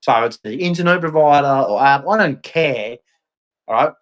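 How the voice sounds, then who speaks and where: A man's voice: mid-range voice, expressive, normal speed, low-quality recording. A man ranting bitterly to camera, repeating "man" and "right" as he vents. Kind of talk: angry monologue to camera.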